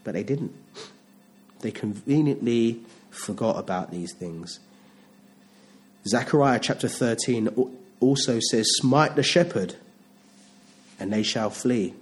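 A man's voice: mid-range voice, slow pace, long pauses. A man preaching a sermon in a conversational style, often restarting phrases and asking rhetorical questions.

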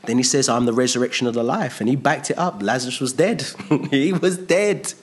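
A man's voice: mid-range voice, fast talker. A man preaching a sermon in a conversational way, stressing points by repeating phrases.

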